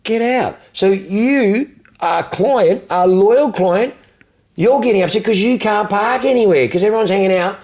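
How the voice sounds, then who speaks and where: A man's voice: high-pitched, measured pace, a little mellow. A man with an Australian accent, a car dealer telling blunt, profane anecdotes in casual chat.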